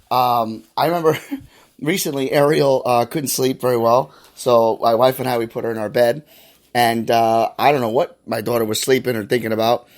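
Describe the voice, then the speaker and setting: Chatty male podcast host telling stories. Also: medium pitch. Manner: chatty, rambling, with many fillers. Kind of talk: casual storytelling monologue.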